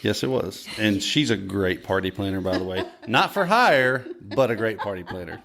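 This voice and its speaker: A man in his forties chats as a podcast guest, playful and jokey as he rambles through his ideas. His voice is low and gravelly with some vocal fry. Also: fairly quick, background noise. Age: 40s. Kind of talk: casual podcast chat.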